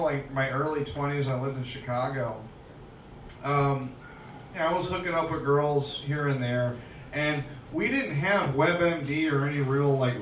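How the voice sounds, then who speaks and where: A man's voice: mid-range voice, distant mic, a little hiss or hum. A man in his early forties doing a stand-up comedy set on a club stage, with a loose, rambling delivery full of restarts. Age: early 40s. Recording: roomy live club recording from off-mic. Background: audience laughter.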